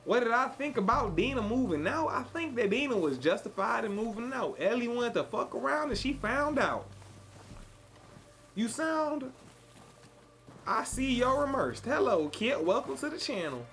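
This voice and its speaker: A man's voice: very high voice, big pitch swings, moderate pace, fairly bright tone, soft background music. Streamer man in a put-on cowboy drawl. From Chicago. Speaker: live streamer. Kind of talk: live gameplay stream chat.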